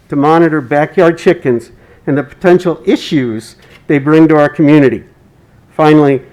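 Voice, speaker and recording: A man giving public comment at a city meeting, reading quoted passages in a measured, formal way. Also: a little high, darkish tone, rough recording. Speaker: resident speaking at public comment.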